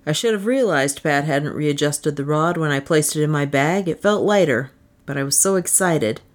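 A woman voicing a hapless male hero who speaks in her own low, lively voice. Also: normal speed, close to an everyday voice. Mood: rueful.

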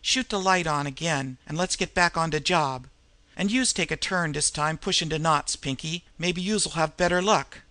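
A man voicing a gruff, nervous male street crook with a New York street dialect, growling and snarling irritably. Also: a little high, normal speed, bright, forceful tone, no echo. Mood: grumbling.

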